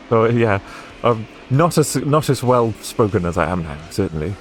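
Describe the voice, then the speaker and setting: A man with a softened Welsh accent, chatting casually and rambling while he streams a racing game. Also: lowish voice, very animated, normal speed, faint music behind. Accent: Welsh, Newport area, softened toward English. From Wales. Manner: rambling and chatty, with frequent fillers and restarts.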